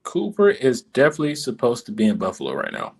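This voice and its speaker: Man, live reaction streamer, animated and exasperated, pitch swings wide, repeats lines. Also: fast, vocal fry. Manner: animated, exasperated, repeats himself, voice jumps high in disbelief.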